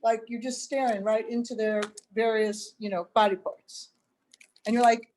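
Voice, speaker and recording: Over a video call, a dry-witted older American woman performs a stand-up routine with a wry delivery and acted-out quotes. Her voice is on the high side, steady and darkish at a normal speed, with a little hiss or hum in the audio.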